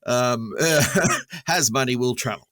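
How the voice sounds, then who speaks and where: A man's voice: mid-range voice, slow pace, very noisy. A man with an Australian accent co-hosting a podcast, joking and teasing in casual banter and laughing often. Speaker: podcast co-host.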